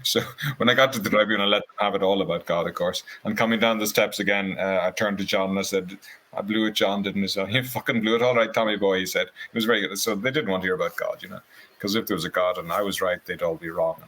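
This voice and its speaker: A man telling a personal story in a casual conversation, earnest and animated, slipping into quoted voices now and then. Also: low-pitched, fast, low-quality recording.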